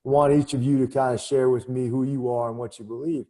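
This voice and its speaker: Mellow-voiced man telling war stories. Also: medium pitch, level tone, fast talker. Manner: candid, conversational, many fillers like "you know" and "man". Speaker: guest, former Army captain. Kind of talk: casual storytelling interview.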